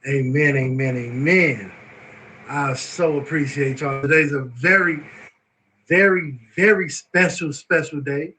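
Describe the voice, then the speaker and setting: A man hosting a live show, excitable and emotional, repeating words and filler phrases as he talks. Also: fairly high pitch, unhurried, poor audio. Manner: excitable, emotional, repeats words and "you know what I'm saying". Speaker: host.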